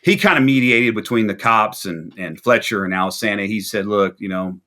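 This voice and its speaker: Bright-voiced man telling a rambling tale. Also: fairly low pitch, moderate pace. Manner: rambling anecdotal storyteller, animated quoting. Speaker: musician guest. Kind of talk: casual storytelling interview. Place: video interview.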